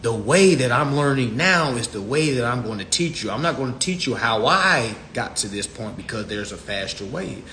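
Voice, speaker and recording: A man's voice: mid-range voice, lively intonation, normal speed, few pauses, pushed and bright, a little hiss or hum. A man on a live stream, ranting in a blunt, profane, preachy way into his phone. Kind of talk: casual rant.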